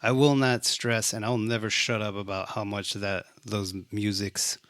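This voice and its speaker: A man's voice: fairly low pitch, little pitch movement, a little slow, a bit bright, dry recording. A young man co-hosting a casual movie review chat, laid-back, rambling and profane.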